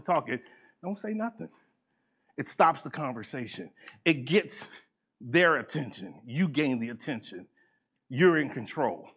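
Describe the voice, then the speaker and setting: A man leads a live seminar, his pitch sitting a little high and swinging widely as he acts out the people he talks about. He talks to the room in a loose, lively way. The recording is dull and lo-fi, like a capture from a conference room. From United States. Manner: animated, acts out quoted people, laughs often. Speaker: workshop presenter.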